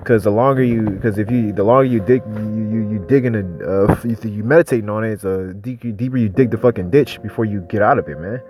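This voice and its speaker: Young male street preacher, lowish voice, loose and profane, faint music underneath. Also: quick pace, hardly any pauses. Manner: rambling, profane, street talk with constant "man". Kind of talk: informal religious teaching.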